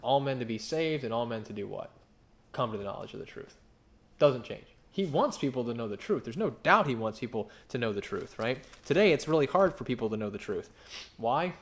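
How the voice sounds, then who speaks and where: A man in his thirties delivers a sermon in a loose, conversational way. He keeps firing rhetorical questions at his listeners and often stops to restart or repeat himself. His voice sits at an ordinary middle pitch. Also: animated, brisk. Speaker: pastor.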